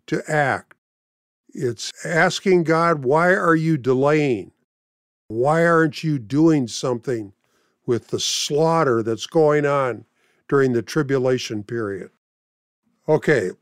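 Slow, deliberate male preacher. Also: fairly high pitch, no echo, clean studio sound. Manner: slow, deliberate reading of scripture with paraphrased pleas. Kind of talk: sermon.

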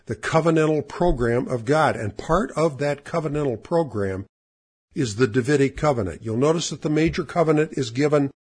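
Husky man teaching scripture. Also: on the high side, lively intonation, darkish tone. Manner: emphatic, slows down to stress scripture phrases. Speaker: Bible teacher. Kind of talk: sermon-style Bible lesson. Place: church or classroom with slides.

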